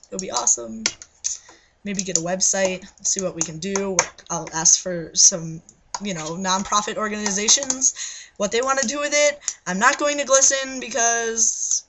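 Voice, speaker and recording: A woman's voice: medium pitch, background noise. A young adult woman in her bedroom at night, ranting into her webcam in a scattered, agitated way and swearing often. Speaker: vlogger. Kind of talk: rambling webcam rant.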